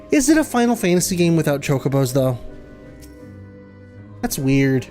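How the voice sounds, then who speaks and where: Mellow-voiced chatty game streamer. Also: mid-range voice, very animated, normal speed, pauses often, faint music behind. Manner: chatty, laughs often, reads dialogue aloud. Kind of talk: casual let's-play commentary.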